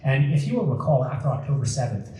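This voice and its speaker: A young man with a mid-range, warm voice is very animated and quick as he tells a casual, joking story to an audience at a community event in a community center hall. He uses plenty of fillers, and the recording is echoey with a distant mic and faint noise.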